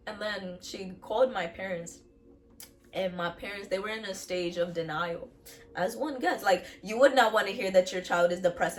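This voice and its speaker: Young woman, earnest personal testimony, mid pitch, mic set back a bit. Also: a bit bright, recorded from a distance. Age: young adult. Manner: earnest, repeats phrases for emphasis. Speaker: vlogger sharing her faith testimony.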